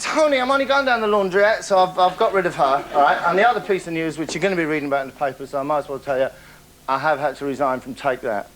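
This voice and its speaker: A man's voice: sits high, rapid-fire, fairly bright tone, a little hiss or hum. A man hosting a comic monologue, boastful and rambling, chuckling at his own stories. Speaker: comedy character host.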